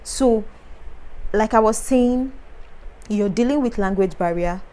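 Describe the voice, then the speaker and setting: A woman's voice: fairly high pitch, takes it slowly, dark tone, poor audio. A young woman with a Nigerian accent, a foreign medical student speaking to camera and passionately repeating her key points of advice. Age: young adult.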